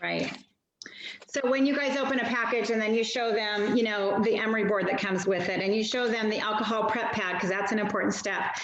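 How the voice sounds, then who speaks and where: A woman's voice: mid-range voice, steady tone, a little fast. A woman, a stylist training other sellers, giving a casual, chatty product demo full of self-deprecating asides. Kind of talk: casual instructional demo on a video call. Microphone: video call mic. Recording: dull, roomy video call audio.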